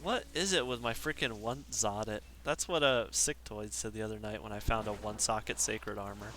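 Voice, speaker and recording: A man's voice: fairly low pitch, moderate pace, pushed and bright, soft background music. A man streaming a game live, chatting casually and self-deprecatingly with his viewers. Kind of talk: casual live-stream chat while gaming.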